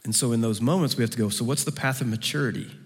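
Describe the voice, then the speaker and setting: A man preaching a sermon who acts out quoted voices and moves between soft, low passages and lively, raised ones. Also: racing, breathy edge. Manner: acts out quoted voices with big pitch swings. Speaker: pastor. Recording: long hall reverb.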